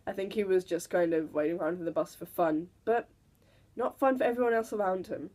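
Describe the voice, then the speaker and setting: A woman's voice: lowish voice, brisk, a little mellow. A teenage girl telling stories to camera in a casual, giggly way, now and then mimicking people. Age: teens. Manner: chatty, giggly, mimics people in quoted voices. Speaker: vlogger.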